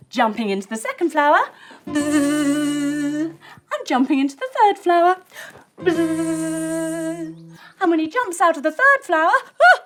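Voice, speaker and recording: A woman telling a story as she leads a yoga lesson for children, playful and gentle as she guides each movement. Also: high voice. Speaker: kids' yoga instructor.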